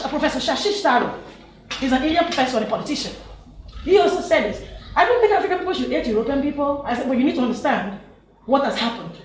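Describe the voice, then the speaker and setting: A woman from Nigeria speaking up from the audience at a panel, emphatic and laughing as she talks, with many restarts. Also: high voice. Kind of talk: impassioned comment from the floor. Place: university lecture hall. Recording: echoey lecture hall.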